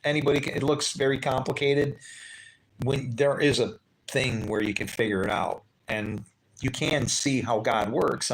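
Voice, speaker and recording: A man giving an informal Bible teaching, talking conversationally, asking his listeners rhetorical questions and swearing now and then. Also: mid-range voice. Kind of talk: casual unscripted Bible talk.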